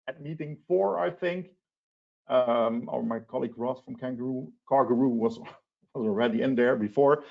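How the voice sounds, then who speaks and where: Man at mid pitch, presenting a webinar, halting and repetitive, dull lo-fi call audio. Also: gravelly, a little mellow. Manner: hesitant, many restarts and fillers. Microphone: video call.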